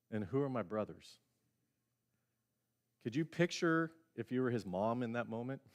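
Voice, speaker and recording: Conversational man preaching a sermon. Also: mid-range voice. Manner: conversational preaching, acting out quoted voices with sudden loud and quiet swings. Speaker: pastor. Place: church sanctuary.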